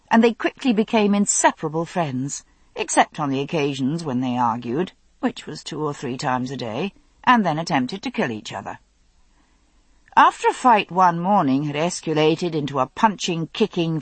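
Female audiobook narrator, measured first-person reading, slightly low and husky. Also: no room sound.

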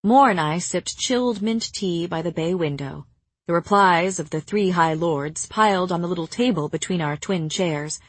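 A woman narrating a first-person novel in an unhurried, expressive storytelling manner. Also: on the low side, husky, no room sound. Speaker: audiobook narrator.

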